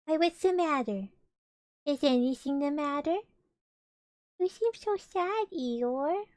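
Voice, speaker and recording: A woman voicing a gentle, simple-minded young male teddy bear in a storybook reading, sounding puzzled. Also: high voice, expressive, slow, dry recording, studio quality, voice pushed up.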